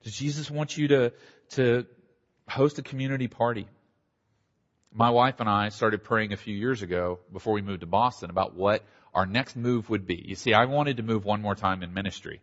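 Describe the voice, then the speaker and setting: A middle-aged man, a pastor, giving a conversational conference talk with quick asides and a slight Southern accent. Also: on the low side, a bit bright. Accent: slight Southern American. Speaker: pastor and church planter. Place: conference hall. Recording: dull audio in a large hall.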